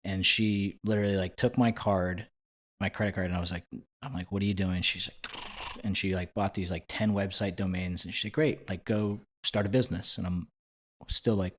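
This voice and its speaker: A man in his thirties, a podcast guest telling a story in a casual, animated way and acting out the dialogue he quotes. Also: low voice, normal speed.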